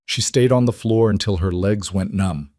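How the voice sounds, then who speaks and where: A man tells a dramatic story in a measured, even narration. His voice sits on the low side and sounds dry and close, with no room echo.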